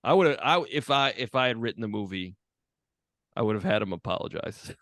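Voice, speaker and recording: A man's voice: fairly low pitch, animated, normal speed, a bit bright, no echo, studio quality. A man co-hosting a podcast, chatting casually with crude jokes, swearing and laughter. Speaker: podcast co-host. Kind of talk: casual chat.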